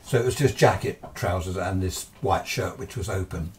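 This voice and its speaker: Man, low voice, casual ghost-story storyteller, hesitant with restarts, slightly distant mic. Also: normal speed, slight background noise. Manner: hesitant, with frequent restarts and asides. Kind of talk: casual spoken recollection.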